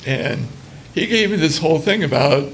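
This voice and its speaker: A man's voice: on the high side, lively intonation, normal speed, vocal fry, slight background noise. An older man on a panel, a former music booker, telling stories about bands with laughs and acted-out dialogue. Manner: laughing, acts out quoted dialogue. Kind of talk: casual storytelling on a panel. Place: museum talk before a small audience.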